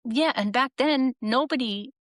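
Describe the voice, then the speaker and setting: A woman's voice: sits high, a little slow, no room sound. Earnest woman telling her life story. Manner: earnest, reflective, acts out quoted voices. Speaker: podcast guest. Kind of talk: candid personal storytelling.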